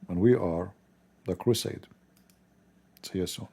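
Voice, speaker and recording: Male online commentator, hoarse and raspy, mellow tone; rambling, chuckling delivery. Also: sits low, unhurried, long pauses. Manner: chuckling, rambling, mocking asides. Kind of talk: casual spoken commentary.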